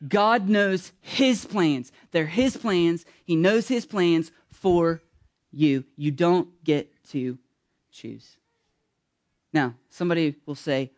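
A man with a notably high voice preaching a sermon. He keeps it casual and jokey, asks the congregation questions, and slows right down to hammer home key phrases. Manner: casual, joking, addresses congregation directly; slow, emphatic when stressing key words. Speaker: pastor.

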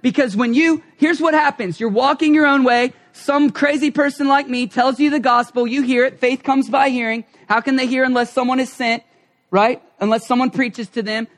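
Male preacher, very high voice, passionate and emphatic, moves from hushed asides to loud calls. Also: steady tone, moderate pace. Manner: acts out short spoken prayers and quoted lines. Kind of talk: passionate sermon.

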